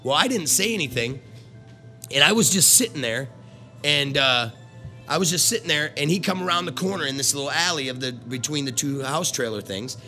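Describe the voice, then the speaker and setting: On the high side and a little fast, this middle-aged man's voice has a sharp tone and lively intonation, with faint music behind him. A former carnival worker, he tells a casual story bluntly and profanely, swearing constantly as he rambles and restarts.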